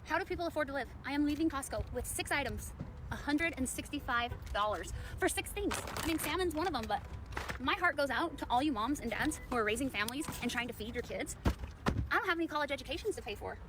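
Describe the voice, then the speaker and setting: A woman's voice: high-pitched, animated, fast. A woman ranting casually in a vlog, incredulous and dismayed about prices. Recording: clear background noise.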